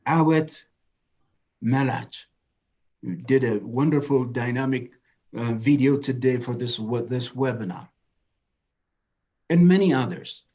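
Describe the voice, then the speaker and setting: A man's voice: mid-range voice, takes it slowly, long pauses, warm tone, lo-fi sound. A man moderating a webinar, giving passionate opening remarks that rise to emphatic declarations.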